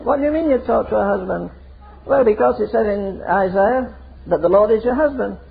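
A man's voice: high-pitched, fairly quick, vocal fry, slight background noise. An older man preaching a fiery, emphatic sermon full of rhetorical questions. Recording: tinny phone-like sermon recording.

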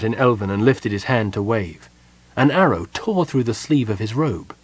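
A man reading a story aloud as an audiobook narrator, with measured delivery. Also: fairly low pitch, lively intonation, husky, no echo. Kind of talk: scripted narration.

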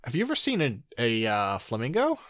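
Dry-humored man, lively pitch. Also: a little fast, dry recording. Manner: dry, sardonic, reads entries aloud. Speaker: podcast co-host. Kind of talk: casual podcast chat.

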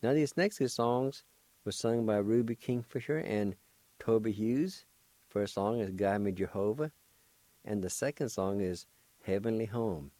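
A man's voice: on the low side, measured pace, warm tone, no echo, low-quality recording. An older man hosting a radio language lesson, patiently spelling words letter by letter and repeating each pronunciation. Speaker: radio host teaching language.

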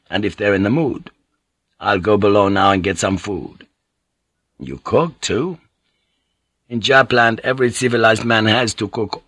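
A man voicing a gruff, salty old sea pilot. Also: fairly low pitch, fairly bright tone, dry recording, clean studio sound. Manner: blunt, teasing, salty. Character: gruff seasoned Portuguese ship pilot, male.

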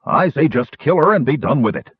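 A man's voice: medium pitch, big pitch swings, fairly quick, husky, no echo, voice pushed up. A man voicing a ruthless, grumbling male herder, on a dull lo-fi recording. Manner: harsh, grumbling.

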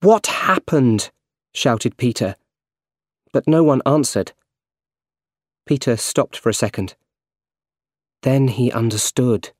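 Slow, careful male storybook narrator. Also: medium pitch, a little mellow, dry recording, studio quality. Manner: slow, clear, carefully paced reading. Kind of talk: scripted narration of a graded reader story.

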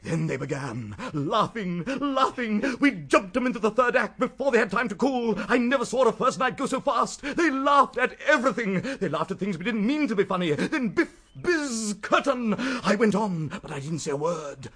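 An actor playing an effusive, overwrought theatrical playwright who gushes while laughing through tears, in a radio drama. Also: male voice, sits high, big pitch swings, normal speed, few pauses, fairly bright tone, breathy edge, exaggerated voice. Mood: breathless.

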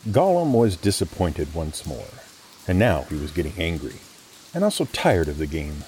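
A man hosting a podcast, reading a script with expressive, playful storytelling. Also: sits low, normal speed, a little hiss or hum. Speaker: podcast host.

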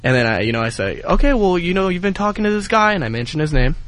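On air, a young man working as an intern tells the story of his breakup, heated and rambling, stuffed with filler words. His voice sits high and sounds sing-song and a bit bright, moving at a quick pace.

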